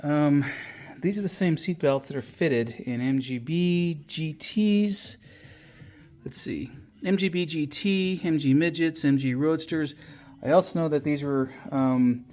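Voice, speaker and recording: A man's voice: a little high, unhurried, a little mellow. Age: adult. Sex: man. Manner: rambling, swearing, slightly winded. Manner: rambling, frequent fillers, casual swearing. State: slightly winded after illness. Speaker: car restoration vlogger. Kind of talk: casual workshop walkthrough.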